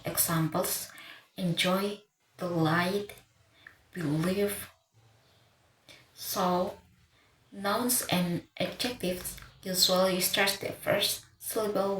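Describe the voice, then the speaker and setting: A woman teaches pronunciation in a slow, deliberate voice, often stopping to restart or repeat a word. Her voice sits at a middle pitch. The room is echoey, with a faint hum of ambience behind her. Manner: restarts words, repeats them while reading notes. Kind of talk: slow, careful lesson delivery.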